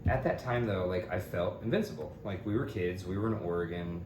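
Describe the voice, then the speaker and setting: A young man from Kentucky telling stories on a podcast in a casual, animated way, jumping into high voices to quote people. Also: fairly quick. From Louisville, Kentucky. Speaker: podcast co-host. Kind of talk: casual storytelling chat. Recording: echoey room with background noise.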